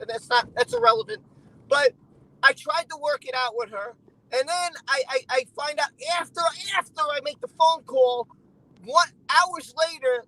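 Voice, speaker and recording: Heated, high-voiced man venting. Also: pushed and bright, no echo, rough recording. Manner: heated, emotional, repeats himself. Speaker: stream guest. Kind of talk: casual chat.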